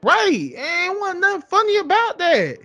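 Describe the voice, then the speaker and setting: A young man co-hosting a podcast, telling stories in a casual, animated way, swearing freely and repeating himself for emphasis. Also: very high-pitched, measured pace, no echo, soft background music. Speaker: podcast co-host. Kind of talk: casual storytelling chat.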